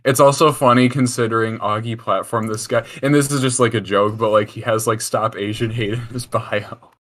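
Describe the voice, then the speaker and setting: A man's voice: medium pitch, fairly even intonation, moderate pace, fairly bright tone. A man co-hosting a casual commentary podcast, talking bluntly and mumbling with plenty of fillers. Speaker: podcast co-host. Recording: faint background noise.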